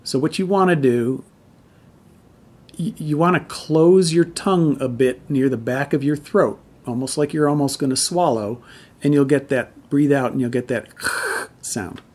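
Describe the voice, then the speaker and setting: A man teaching pronunciation, explaining sounds patiently and slowing down to repeat each example. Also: medium pitch, a little mellow, breathy edge. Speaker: language teacher.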